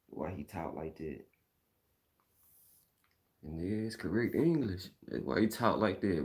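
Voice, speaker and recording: A man's voice: low voice, animated, a little slow, long pauses, a little mellow. A middle-aged man from Mississippi with a Southern accent, talking bluntly and casually on a live stream, repeating his points in slang.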